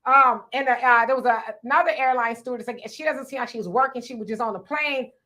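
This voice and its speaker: A middle-aged woman co-hosting a casual talk show, telling a story in an animated, dramatic way. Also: fairly high pitch, fast. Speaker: co-host.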